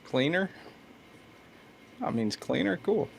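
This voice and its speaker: A man with a Southern US accent hosting a casual livestream, talking slowly, stopping and restarting often, laughing and reading chat aloud. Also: on the high side, animated, creaky, a little hiss or hum. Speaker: host sharpening knives on a livestream.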